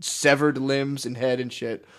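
A young man co-hosting a podcast, telling stories in a loose, profane, joking way with quick voices for the people in them. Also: mid-range voice, little pitch movement, fairly bright tone. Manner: loose, profane, jokey storytelling with quick impressions. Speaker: podcast co-host. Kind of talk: casual comedic podcast chat.

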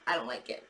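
Chatty woman reading tarot cards. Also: noisy background. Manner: chatty, animated, swearing, acting out imagined replies. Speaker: tarot reader.

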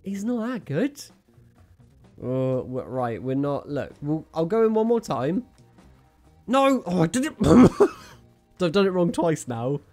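An excitable man calls his own football game as he plays it, his voice leaping up and down all the time. He cracks jokes and chats to his viewers with faint music behind him. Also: on the high side, unhurried. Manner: excitable, jokey, talks to viewers and himself. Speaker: gaming channel host. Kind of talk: live video game commentary.

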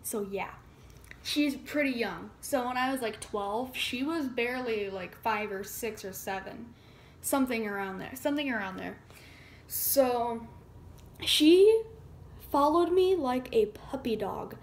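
A teenage girl in high school chatting casually to camera, retelling a story with lots of "like" and acted-out quotes. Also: expressive, a little slow, a little hiss or hum. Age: teens. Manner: chatty, says "like" a lot, dramatic retelling. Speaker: vlogger.

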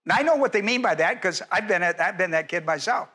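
A man's voice: high voice, animated, fast talker, sharp tone, husky. An older man, a pastor, teaching a Bible sermon in an emphatic, repetitive way and putting questions to his congregation.

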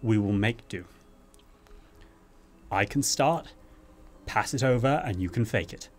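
Low-voiced man, deliberate and wry. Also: expressive. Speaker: player. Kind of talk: tabletop game role-play.

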